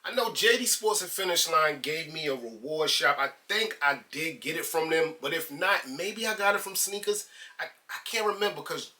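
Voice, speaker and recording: Bright-voiced man reviewing sneakers casually. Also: a little high, moderate pace. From New York. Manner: laid-back and slangy, calls viewers guys and man.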